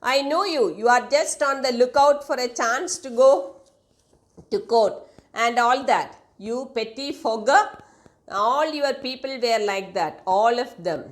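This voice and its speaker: A woman's voice: a little high, a little slow, natural voice. A woman reading the part of a proud older male landowner and father, with mild emphasis. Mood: scolding.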